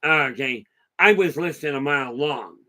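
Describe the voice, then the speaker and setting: A man's voice: fairly high pitch, measured pace, bright, forceful tone. A man hosting a casual live talk, telling a long story in a rambling, chatty way and answering viewer comments. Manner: rambling, chatty, with many restarts and asides. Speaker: host.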